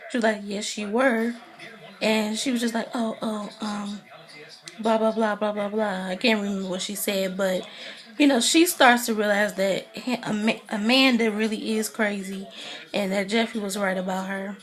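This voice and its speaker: A woman casually recapping a TV drama episode in a chatty, animated way, acting out the characters' lines. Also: medium pitch, normal speed. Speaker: TV recap vlogger.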